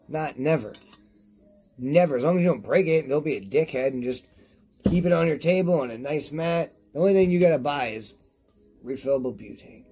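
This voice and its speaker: Husky-voiced man ranting while high. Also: warm tone. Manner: profane, rambling, repeats himself. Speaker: product reviewer. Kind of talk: rambling casual rant to camera.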